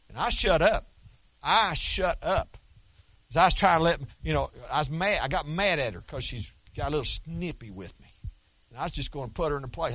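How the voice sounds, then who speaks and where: High, bright pastor preaching. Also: male voice, expressive, no echo. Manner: emphatic, slows down to stress lines of scripture; folksy, with colloquial asides and repeated words. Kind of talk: sermon.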